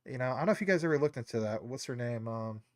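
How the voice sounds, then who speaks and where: A livestream host with an animated, mid-range voice races through a rambling, casual chat full of fillers and tangents. His nose is a bit stuffy and he sounds a little choked up, on a dry, clean studio recording.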